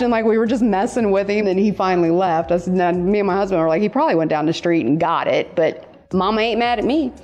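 A woman tattoo artist telling stories in casual chat, laughing often and jumping high in pitch when she quotes people. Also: fast, darkish tone. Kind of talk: casual storytelling.

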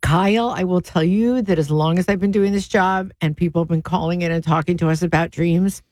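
A woman's voice: lowish voice, steady tone, a little fast, a little mellow, dry recording. A woman hosting a radio show in casual chat, asking playful, curious questions.

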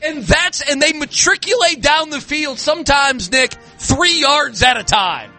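A man's voice: extremely high pitch, animated, unhurried, sharp tone, faint music behind. A man hosting a sports talk show, ranting in exasperation with frequent restarts. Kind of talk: casual sports talk rant.

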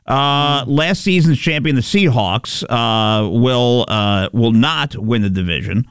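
A man's voice: mid-range voice, slow pace, fairly bright tone, smooth, no room sound, studio quality. A man hosting a casual comedic news chat, talking through many fillers with chuckling asides. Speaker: host.

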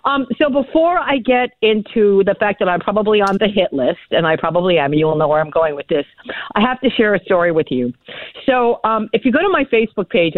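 A talkative woman calls in over a thin, tinny phone line, with no room sound around her. She rambles from one story to the next, laughs easily and stumbles over repeated words. Her voice sits at an ordinary middle pitch. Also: dry recording. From New Hampshire, USA. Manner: animated, digressive, laughs often, repeats words when starting. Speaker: political guest calling in. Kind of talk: chatty storytelling and political commentary. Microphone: telephone.

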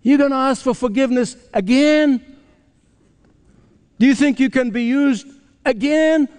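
A man's voice: extremely high pitch, a little slow, darkish tone, clear, resonant tone, long reverb tail, voice pushed up. A man voicing the devil as a mocking male accuser who taunts and repeats himself. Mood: taunting.

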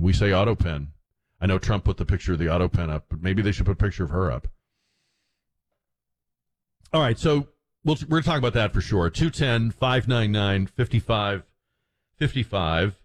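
A man hosting a talk radio show, delivering an animated, indignant and sarcastic monologue. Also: lowish voice.

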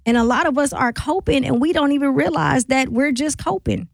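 Female radio host, slightly high voice, dry studio sound, earnest and reflective with sermon-like repetition. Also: fairly quick, creaky, no echo. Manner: earnest, reflective, preacher-like cadence. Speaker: radio talk show host. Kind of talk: call-in talk radio.

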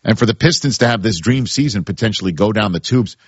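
Husky New York man on sports radio. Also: lowish voice, animated, fast, dry recording, highs cut off. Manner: emphatic, repeats points for stress. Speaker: sports talk host. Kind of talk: sports talk radio banter.

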